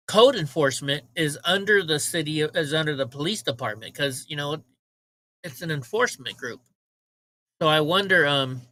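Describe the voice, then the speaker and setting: A man's voice: on the high side, bright, forceful tone, poor audio. A man hosting a casual livestream, ranting with profanity and mocking remarks while he talks to his chat. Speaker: livestream host.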